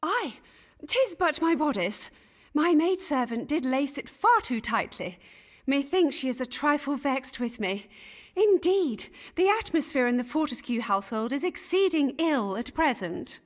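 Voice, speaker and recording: A woman's voice: high-pitched, sing-song, unhurried, in a large hall. An actress voicing a gossipy, easily flustered Elizabethan lady in a narrative game. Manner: chattering, archaic and huffy. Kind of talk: voiced game dialogue in Elizabethan English.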